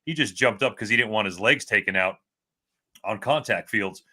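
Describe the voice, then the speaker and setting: Male podcast co-host, forceful bright tone, excitable fan chat. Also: on the low side, moderate pace, husky. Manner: excitable, candid fan talk. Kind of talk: casual sports talk.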